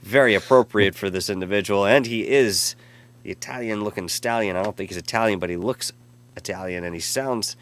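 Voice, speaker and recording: A man's voice: fairly low pitch, fairly quick, a little hiss or hum. A man hosting a casual live stream, rambling and effusive as he reads out chat messages and thanks viewers. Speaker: live show host.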